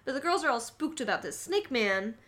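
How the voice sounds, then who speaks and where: A woman's voice: high-pitched, very animated, fairly quick, fairly bright tone. A woman co-hosting a podcast, joking her way through a casual movie recap. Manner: joking, playful, conversational. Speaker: podcast co-host.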